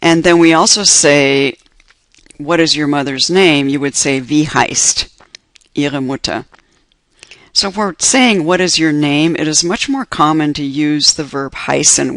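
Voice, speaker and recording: Guy teaching beginner german over slides, slow and patient, gravelly voice, dry close sound. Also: fairly high pitch, a bit bright, dry recording. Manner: patient, explains step by step and repeats examples.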